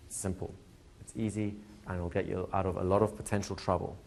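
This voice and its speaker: A man teaching a hypnosis class to a live audience, talking in a relaxed way and slowing into soft hypnotic suggestions. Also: sits low, vocal fry. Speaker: hypnosis trainer. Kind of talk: live training lecture. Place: training room with a seated audience.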